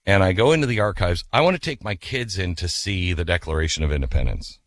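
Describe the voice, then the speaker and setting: A radio host man telling an animated story in a chatty way, then reading ads. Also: deep voice, fast, dry recording. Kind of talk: storytelling and ad reads.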